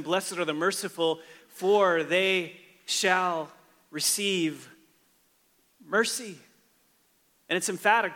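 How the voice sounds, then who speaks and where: A man preaching a sermon in a large hall, his bright, slightly high voice trailing into long reverb. He swings between emphatic, rising declarations and quiet, hushed lines. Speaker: pastor.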